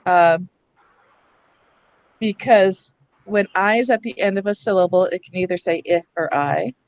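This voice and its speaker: A woman's voice: lowish voice, unhurried, no room sound, low-quality recording. A woman presenting a hands-on reading workshop to teachers in a school room, explaining patiently and checking in with the group as she goes.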